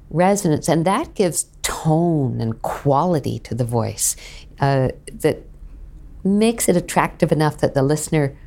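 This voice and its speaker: A woman who is a voice coach, explaining her work in an interview in a measured, teacherly way. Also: sits low, mellow. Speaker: voice coach guest.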